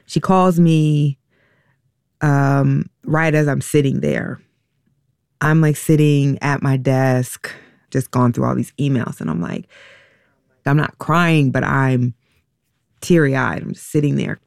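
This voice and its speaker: A middle-aged woman telling a painful personal story in a halting, emotional way, with many restarts and fillers. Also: extremely low pitch, fairly even intonation, creaky, darkish tone, no echo, clean studio sound. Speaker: interview guest.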